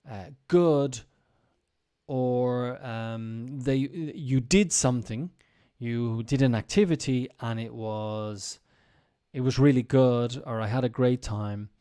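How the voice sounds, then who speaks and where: A man's voice: medium pitch, warm tone, smooth. A man teaching English in a casual live-streamed lesson, explaining step by step with frequent ums and restarts.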